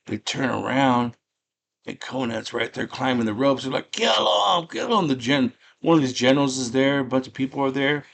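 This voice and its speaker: A man casually retelling a movie plot in rough slang, breaking into loud put-on voices for the characters. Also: mid-range voice, level tone, normal speed, a little hiss or hum. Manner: rough slangy street talk. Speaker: movie chat host.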